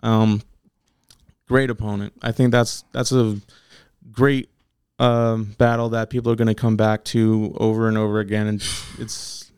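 A man telling his stories with lots of swearing and energy, his voice smooth and clear. The sound is dry and close, with no room around it. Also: fairly low pitch, a little slow, no room sound. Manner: profane, animated storytelling. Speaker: battle rapper guest. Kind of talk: casual podcast interview.

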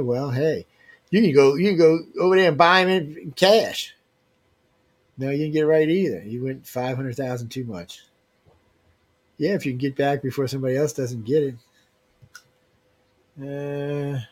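A man hosting a casual livestream giveaway, reading viewer emails aloud and teasing them with loose slang. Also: medium pitch. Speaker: livestream host running a giveaway.

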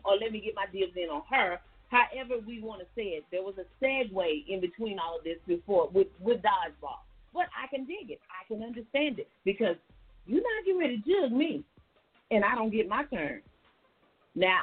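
A woman holds forth as a call-in radio host, folksy and chatty, calling her listeners y'all. Her voice is breathy and a little husky. It comes through a thin, tinny line that sounds like a phone call. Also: mid-range voice. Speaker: radio talk show host. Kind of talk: casual call-in radio commentary.

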